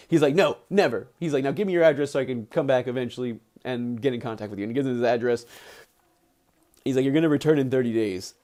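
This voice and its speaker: A young man on a livestream, retelling a book chapter in a casual, animated way, filling it with "he's like" and acting out the quotes with big jumps in pitch. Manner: many fillers like "he's like". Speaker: streamer reading a book aloud.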